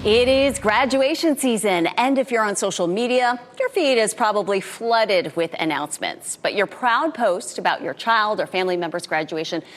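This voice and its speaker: A woman's voice: mid-range voice, lively intonation, normal speed, hardly any pauses, soft background music. A woman news anchor reading stories and interviewing a guest in a friendly, conversational way. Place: TV studio.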